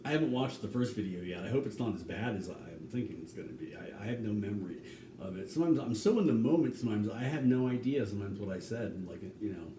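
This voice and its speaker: A man talking in a rambling, casual way, swearing now and then, with sudden loud bursts and some humming and scatting. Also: lowish voice, lively intonation, quick pace, far from the mic. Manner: hums and scats tunes between talking. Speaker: vlogger cooking on camera. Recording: echoey room, off-mic, faint hum.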